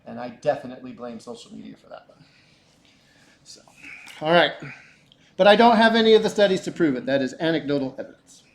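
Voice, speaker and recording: A middle-aged man teaching a physics class, animated and chatty, often asking rhetorical questions. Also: fairly high pitch, fairly quick, pauses often, slight background noise. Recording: echoey classroom.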